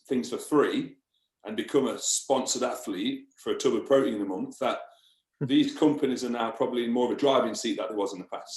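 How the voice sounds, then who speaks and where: A man's voice: mid-range voice, darkish tone. A man, a guest on a podcast, talking casually, swearing and laughing often. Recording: roomy echo.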